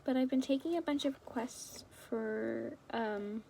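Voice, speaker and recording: A woman's voice: fairly high pitch, takes it slowly, creaky, mellow, a little hiss or hum. A young woman rambling and giggling affectionately as she chats casually to her viewers at home. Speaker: fan video creator.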